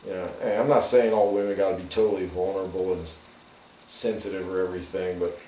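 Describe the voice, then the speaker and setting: A man rants in a rambling casual monologue while coloring comic pages, restarting often and wandering into asides. His deep, warm voice is fast with fairly even intonation. He sounds distant from the mic in an echoey room, with slight background noise.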